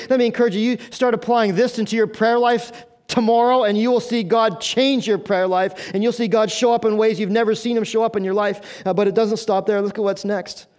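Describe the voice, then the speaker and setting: A man's voice: high-pitched, darkish tone, smooth. A male pastor preaching a sermon in an earnest, conversational way, asking the congregation questions.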